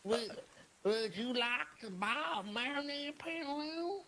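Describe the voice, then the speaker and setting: A roleplayer voicing a dim-witted, simple-minded backwoods creature with a country accent who rambles while peddling odd goods, over loud crowd noise. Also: medium pitch, animated, slow. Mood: haggling. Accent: American Southern country. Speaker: roleplay character.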